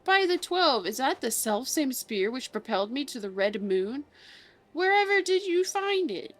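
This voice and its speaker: A woman doing a pompous southern gentleman inspector. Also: high voice, sing-song, normal speed, voice pushed up. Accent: put-on southern drawl. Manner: grandiose, old-fashioned formal diction. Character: pompous bumbling gentleman inspector, male adult. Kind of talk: reading game dialogue aloud.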